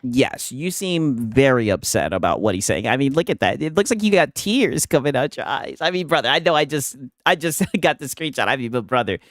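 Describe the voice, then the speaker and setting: Man, stream host, mocking trash talk, tags lines with "right?", swooping pitch, dry close sound. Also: animated, brisk, hardly any pauses, fairly bright tone, no echo. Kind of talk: casual trash-talk commentary.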